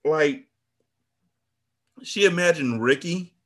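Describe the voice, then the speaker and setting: A man hosting a book club podcast, reacting to the story with animated exclamations and drawn-out remarks. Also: a little high. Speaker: podcast host.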